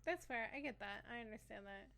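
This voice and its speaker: A young woman co-hosting a casual podcast chat, excitable and swearing freely with lots of fillers. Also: fairly high pitch, brisk, creaky. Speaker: podcast co-host.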